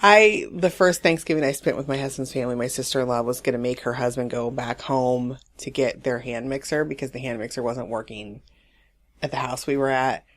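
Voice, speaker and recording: A woman in her forties co-hosting a podcast, telling animated stories and swearing freely in casual chat. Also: very deep voice, a little fast. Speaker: podcast co-host.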